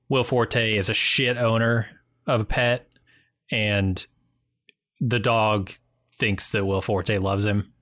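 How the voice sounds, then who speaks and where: A man's voice: lowish voice, a bit bright, dry recording, clean studio sound. A man co-hosting a movie podcast, wry and a bit dismissive in casual chat. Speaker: podcast co-host.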